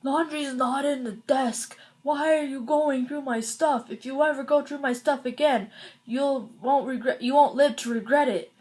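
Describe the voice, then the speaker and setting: A furious young man yells slow, drawn-out accusations, as a woman puts on a gruff guy voice. The voice sits oddly high for a man, loud and strained. It sounds like a rough impression dropped into a casual video. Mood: threatening. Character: angry young man in a rage.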